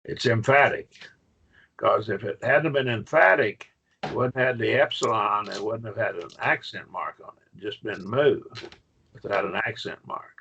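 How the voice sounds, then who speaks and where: A man's voice: on the low side, moderate pace, vocal fry, bright, forceful tone, husky, highs cut off. A man teaching a Greek grammar class online, patient and questioning, with frequent okays.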